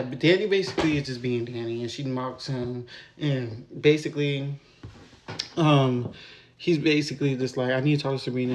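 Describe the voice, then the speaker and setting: A man's voice: medium pitch, a little hiss or hum. Chatty man giving a rambling recap. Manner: rambling, filler-heavy, animated when venting. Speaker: TV episode reviewer. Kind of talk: casual recap and review.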